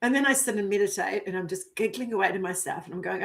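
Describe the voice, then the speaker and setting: A middle-aged woman vlogging, telling a personal story in a casual, animated way, giggling and swearing now and then as she acts out her own thoughts. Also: medium pitch, fast talker, gravelly, few pauses.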